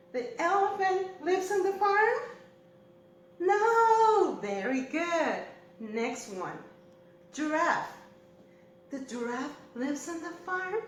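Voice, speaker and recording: A woman with a Spanish accent teaching English to young children in a slow, sing-song, encouraging way. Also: sits high, echoey room, slight background noise. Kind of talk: recorded online lesson for young children.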